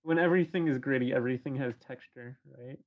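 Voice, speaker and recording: A man's voice: medium pitch, brisk. A man co-hosting a podcast, talking in a hesitant casual chat full of uhs and ums. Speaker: podcast co-host.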